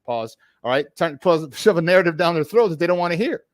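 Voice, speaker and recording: Man, sports talk host, animated, laughs a lot, slightly high voice, dry close sound. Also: quick pace, no room sound.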